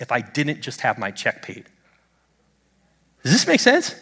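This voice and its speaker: Middle-aged male preacher, animated storyteller with a bouncy, expressive delivery, miked in a reverberant sanctuary. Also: a little slow, pauses often, slightly rough. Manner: animated storytelling, lively swings in pitch. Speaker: pastor. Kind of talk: sermon. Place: church sanctuary under stage lights. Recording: long hall reverb.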